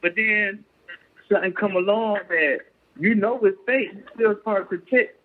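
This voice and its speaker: A man's voice: high-pitched, unhurried. A man, a professional boxer and guest, talking casually and earnestly, often checking that he is understood. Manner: earnest, keeps asking "you get what I'm saying". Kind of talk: casual chat. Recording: tinny phone-line call.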